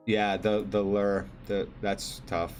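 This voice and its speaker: A man with a lowish, darkish voice speaks slowly and flatly while casually hosting a live online trivia quiz. He jokes around, teases teams by name, and hands out points over faint background music.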